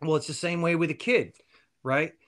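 A man guest telling long, animated stories and laughing at his own jokes. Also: a little high, moderate pace. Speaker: guest, band member. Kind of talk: storytelling interview answer.

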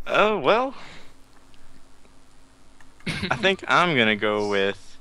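A man judging a round of a party card game, reading each answer with the same punchline beat. His voice is bright and sharp, slightly high, and moves around a lot in pitch. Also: sing-song, very slow, pauses often. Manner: reads answers in a repeated punchline rhythm. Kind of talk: casual group chat.

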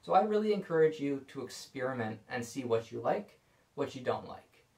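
A man calmly explaining violin bowing technique in a scripted video lesson. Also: mid-range voice, normal speed, creaky. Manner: calm, explanatory. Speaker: violin teacher. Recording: echoey room.

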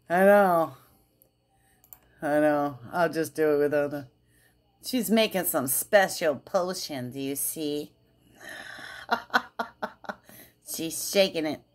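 A woman vlogger talking to camera in a casual, rambling way, laughing often and repeating herself. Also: a bass voice. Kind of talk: casual rambling vlog chat.

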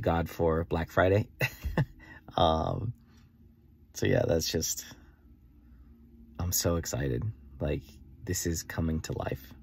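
A young man talking excitedly in a rambling daily vlog about his faith coaching plans, full of "like" fillers. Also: deep voice, gravelly, slight background noise. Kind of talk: enthusiastic daily vlog monologue.

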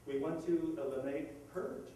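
A man pushes his point in rapid, insistent bursts and trips over restarts as he argues. His slightly high voice has a dark tone. He is caught from a distant mic in a very echoey room with faint ambience. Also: steady tone, a little hiss or hum. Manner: quick, insistent, exasperated arguing with many restarts. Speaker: debater arguing the atheist side. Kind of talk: live debate.

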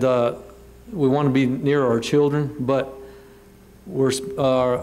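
A man's voice: medium pitch, a little mellow, a little hiss or hum. A man with a Texan accent giving rambling, folksy church announcements as an elder.

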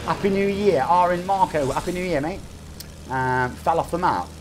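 This is a high-pitched man at a moderate pace, with noise in the background. In his forties and from England, he has a Nottingham accent and streams a game live, full of chatty banter, jokes, and chat messages read aloud.

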